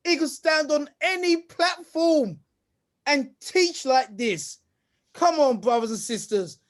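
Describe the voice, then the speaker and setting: A woman's voice: high voice, expressive, takes it slowly. A woman hosting a panel, rousing the audience and addressing them directly. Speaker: host.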